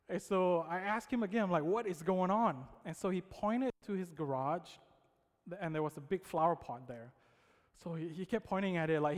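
A man preaching a sermon, telling a personal story with lively quoted voices and frequent check-ins with his audience. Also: on the high side. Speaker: pastor. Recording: long hall reverb.

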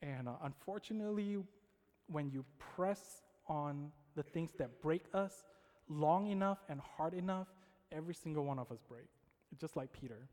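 A man preaching a sermon, telling a personal story with lively quoted voices and frequent check-ins with his audience. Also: fairly high pitch, normal speed. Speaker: pastor. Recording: long hall reverb.

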